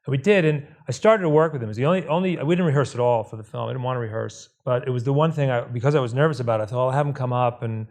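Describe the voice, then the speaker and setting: A man's voice: medium pitch, fast talker, hardly any pauses. A man on a panel telling a rambling story, often breaking off and restarting. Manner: rambling, self-interrupting, animated. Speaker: film director, panelist. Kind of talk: panel discussion.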